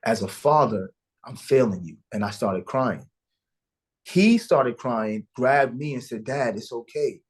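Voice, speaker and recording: Husky-voiced man telling an emotional story. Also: mid-range voice, lively intonation, measured pace. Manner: earnest, emotional, acts out quoted dialogue. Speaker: guest, father of sons. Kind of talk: candid interview storytelling.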